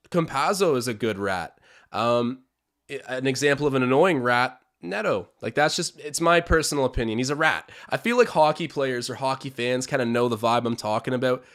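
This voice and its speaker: A man's voice: medium pitch, fairly bright tone. A young man hosting a live-stream watch-along, chatting opinions, calling plays and reading out viewer comments.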